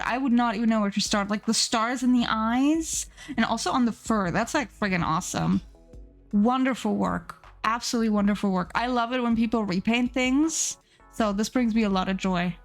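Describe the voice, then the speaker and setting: A young woman streaming live, gushing excitedly over viewers' art and pets, swearing casually. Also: fairly high pitch, normal speed, soft background music.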